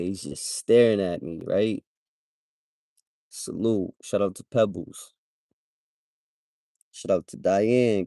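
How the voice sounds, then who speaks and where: A man's voice: lowish voice, warm tone, no room sound, studio quality. A man hosting a livestream, telling a story in a slangy, casual way and tagging "right?" onto his sentences. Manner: slangy, repeats "right?" as a tag. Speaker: livestream host.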